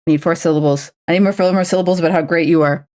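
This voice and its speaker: A woman's voice: fairly low pitch, fairly even intonation, rapid-fire, a little mellow. A woman streaming while she paints a miniature, chatting casually and playfully, cooing baby talk at her pet. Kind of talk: casual chat while crafting.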